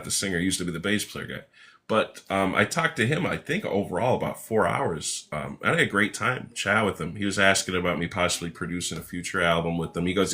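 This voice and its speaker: An author and musician, appearing as an interview guest, tells rambling, animated anecdotes in a casual way, correcting himself and swearing along the way. His voice is low yet bright.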